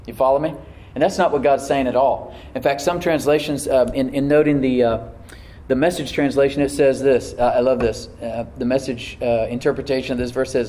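Male pastor, middle-aged, mellow tone, emphatic sermon delivery with call-and-response. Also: medium pitch, steady tone, normal speed, poor audio. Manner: dramatic shifts between loud emphasis and hushed asides.

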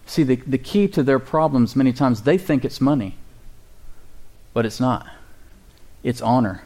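A pastor preaches to his congregation, calling for responses and slowing down when he reads scripture aloud. His voice has a medium pitch and is a little mellow.

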